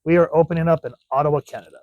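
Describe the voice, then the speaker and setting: A man's voice: on the high side, steady tone, racing, dry recording, highs cut off. Rambling man reviewing a comic. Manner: rambling, full of "like" and "wait a minute" asides.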